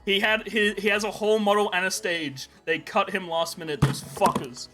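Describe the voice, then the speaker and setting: A man's voice: sits high, fairly even intonation, moderate pace, over music. A young man co-hosting a casual podcast, joking, rambling and swearing freely. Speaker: podcast co-host. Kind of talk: casual chat.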